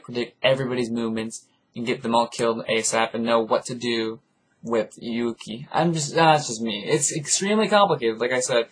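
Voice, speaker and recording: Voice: mid-range voice, husky. An anime reviewer ranting casually in a rambling, profane, exasperated way.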